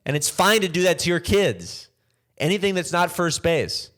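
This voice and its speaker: A man with a high-sitting voice at normal speed hosts a comedy podcast, riffing and joking in an animated way and acting out little bits in other voices. He's recorded on a camera mic with no boom arm.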